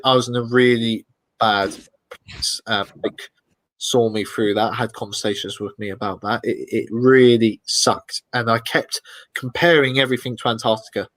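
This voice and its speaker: A man's voice: on the low side, normal speed, no echo, rough recording. Man telling stories, dry sound. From Britain. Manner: lively anecdotal, acts out quoted voices. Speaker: expedition guest. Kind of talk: casual storytelling interview.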